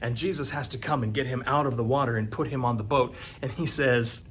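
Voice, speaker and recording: A man serving as a parish youth minister, teaching confirmation in a conversational, animated storytelling manner. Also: medium pitch, a little fast, hardly any pauses, a little hiss or hum. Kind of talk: confirmation catechesis video.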